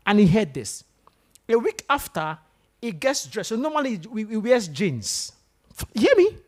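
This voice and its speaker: Lively, animated male motivational speaker. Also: high voice. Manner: animated, asks the room questions. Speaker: guest speaker. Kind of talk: motivational talk to students. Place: lecture room with an audience.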